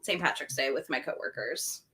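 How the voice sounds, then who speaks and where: A woman's voice: rumbling low, moderate pace, pushed and bright. A woman co-hosting a readathon stream, telling stories in casual chat with a giggly manner. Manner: giggly, storytelling. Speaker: readathon co-host.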